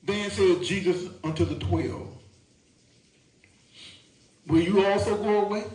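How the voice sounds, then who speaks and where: A male preacher with a high voice delivers a sermon, repeating himself and asking for agreement. He is caught from a distance in an echoing church. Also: slow, darkish tone. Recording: echoey church from far off.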